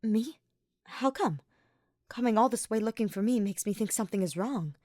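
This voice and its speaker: A woman reading the lines of an earnest, anxious young male knight, soft and hesitant. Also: mid-range voice, animated, normal speed, dry recording, studio quality, lightly acted. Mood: worried.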